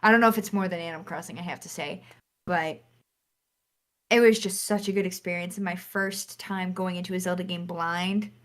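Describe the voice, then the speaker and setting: A young woman co-hosting a gaming podcast, telling a lively story and acting out the lines. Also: fairly low pitch, brisk. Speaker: podcast co-host. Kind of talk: casual chat.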